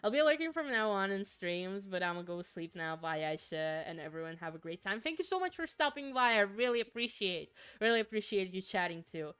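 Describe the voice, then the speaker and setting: A woman's voice: medium pitch, expressive, brisk, hardly any pauses, fairly bright tone, smooth, no room sound. A young woman from Finland with a mixed accent, chatting casually as a streamer while gaming and reading chat aloud, giggly and rambling with frequent restarts. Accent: mixed, not a typical Finnish one. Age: young adult.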